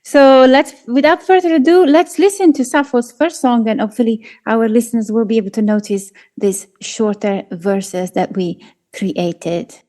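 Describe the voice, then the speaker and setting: A woman co-hosts a casual podcast conversation. Her voice is on the higher side, and her delivery is upbeat, with a lively, bouncing intonation. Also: normal speed. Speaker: podcast co-host. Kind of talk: casual discussion.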